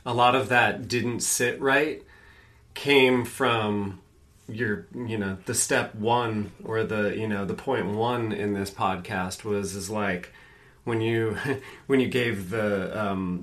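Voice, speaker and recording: A man's voice: on the low side, steady tone, slow, fairly bright tone. A man co-hosting a casual parenting podcast who talks hesitantly, often searching for his words. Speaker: podcast co-host, parenting coach.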